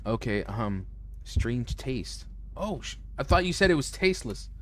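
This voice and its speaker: A man's voice: mid-range voice, very animated, a little slow, fairly bright tone. A man streaming a horror game, reading its lines aloud with joking asides. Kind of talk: casual let's-play commentary.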